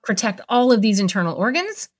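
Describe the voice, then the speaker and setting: A woman speaking as a guest expert on a podcast, explaining a calming technique with quick role-play examples. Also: medium pitch. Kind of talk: conversational interview.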